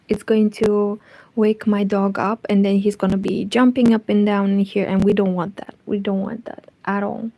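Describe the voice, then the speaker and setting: A woman chatting softly in a hushed half-whisper at home, live-streaming and talking about her crochet. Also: medium pitch, creaky, no room sound, low-quality recording. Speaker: crochet vlogger. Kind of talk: quiet live-stream chat.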